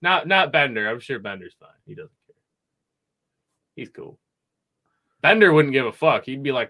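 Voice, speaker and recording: A young man hosting a podcast from a home music room, chatting casually in a rambling, excitable way and swearing a lot. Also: medium pitch, moderate pace, long pauses. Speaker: podcast host. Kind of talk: casual chat.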